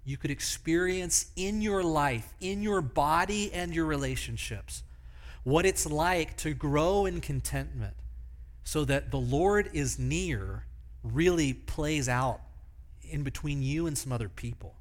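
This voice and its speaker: A man's voice: on the high side, expressive, takes it slowly. A man preaching a sermon at a church service, leading the congregation in repeating words with playful asides. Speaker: pastor.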